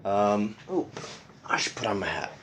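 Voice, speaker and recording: A man's voice: on the low side, animated, moderate pace. A teenage boy vlogging in a casual, rambling, goofy way, his voice cracking now and then. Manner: rambling, goofy, self-deprecating. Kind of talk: casual rambling show-and-tell. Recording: echoey room, far from mic, faint hiss.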